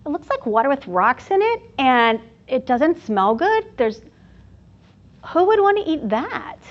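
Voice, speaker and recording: A curious young child, skeptical and questioning, as a woman storyteller puts the child on. The voice is high. The recording sounds dull and lo-fi. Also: big pitch swings, a little slow. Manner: doubtful, questioning.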